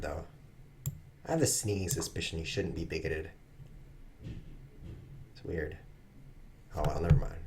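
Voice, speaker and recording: A man's voice: on the low side, noisy background. A man giving rambling, self-mocking live commentary while he plays online chess at his computer. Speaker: chess streamer.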